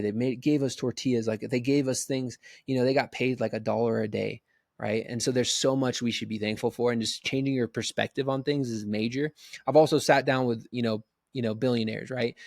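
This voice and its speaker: A man in his thirties giving an energetic, conversational motivational business talk, often checking in with "right?". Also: mid-range voice, gravelly, no echo, studio quality. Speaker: business coach.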